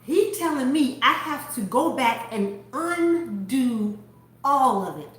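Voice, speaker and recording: A woman hosting a faith-based chat, telling a story with animated delivery and acting out the people in it. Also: high voice, slow. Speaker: host. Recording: echoey room.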